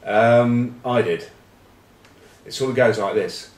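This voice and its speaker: A rugby pundit and vlog host chats casually to camera in a mid-range voice, taking his time. His rambling is wry and cheeky. The mic sits at a distance, so the room echo is roomy.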